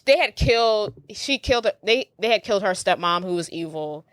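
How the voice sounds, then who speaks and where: A woman co-hosting a podcast in casual chat, easygoing and quick to laugh, telling stories in loose run-on sentences. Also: mid-range voice, animated, dry recording. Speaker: podcast co-host.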